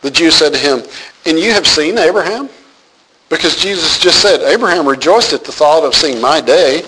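A man's voice: a little high, animated, normal speed, sharp tone, slight background noise, rough recording. A man teaching a Bible passage, reading verses aloud and explaining them with humor and rhetorical questions.

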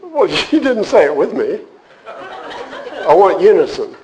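A man's voice: high-pitched, very animated, takes it slowly, a little mellow, a faint crowd, rough recording. A man teaching a church group in a casual, joking way, then turning earnest as he explains a point. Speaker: teacher leading a church class. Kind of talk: casual sermon to a live group.

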